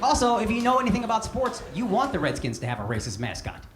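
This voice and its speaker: A man's voice: high-pitched, wildly swooping pitch, fast, music in the background. A man in his thirties performing a brash, profane stand-up comedy set on a club stage. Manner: brash, profane, punchy delivery. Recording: roomy live club recording with crowd noise. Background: loud audience laughter.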